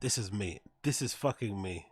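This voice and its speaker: A man's voice: fairly low pitch, expressive, normal speed, husky, dry recording. A man hosting a livestream, rambling and swearing casually as he talks to his viewers. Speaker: streamer host.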